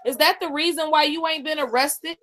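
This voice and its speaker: A woman's voice: sits high, steady tone, fairly quick, a bit bright. A woman co-hosting a live stream in casual commentary, emphatic and confrontational, repeating her lines for effect. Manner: profane, confrontational.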